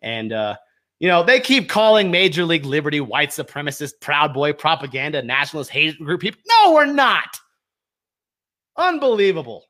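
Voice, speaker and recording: Man, podcast host, heated rant, high voice, bright and tense. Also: fairly quick. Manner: fired up, shouting accusations, then calm plugs. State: sweating, worked up.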